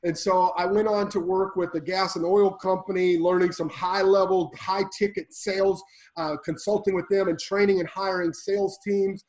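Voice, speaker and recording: A man with a fairly high voice recounts his life on a podcast with fervent, preacher-like intensity. He surges loud and then sinks to a near hush. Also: flat delivery, normal speed, low-quality recording. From Illinois. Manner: intense, preacher-like, swings between loud and hushed. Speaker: podcast guest. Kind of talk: emotional personal storytelling.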